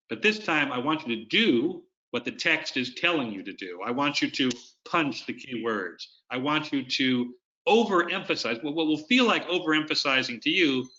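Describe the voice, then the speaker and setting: A man's voice: medium pitch, bright, forceful tone. A man presenting an online webinar, coaching his audience and explaining ideas through demonstrations over a video call. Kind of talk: instructional webinar talk. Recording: dull lo-fi video-call audio.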